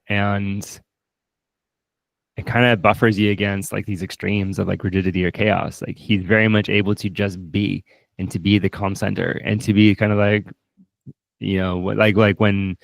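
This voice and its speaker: A man's voice: fairly low pitch, flat delivery, normal speed, creaky, no echo. A man co-hosting a casual film discussion, thinking aloud and often restarting his sentences. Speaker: co-host, film reviewer.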